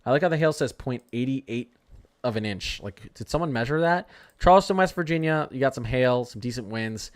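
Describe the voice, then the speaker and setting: A man's voice: mid-range voice, animated, a little fast. Young man ranting on a live weather stream. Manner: rambling, ranting, talks to chat. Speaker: weather livestream host.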